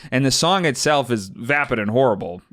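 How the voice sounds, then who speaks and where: A man's voice: mid-range voice, animated, a little fast, a bit bright, no room sound, clean studio sound. A man co-hosting a casual chat, rambling and filling his talk with likes and ums. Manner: rambling, lots of fillers. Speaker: podcast co-host.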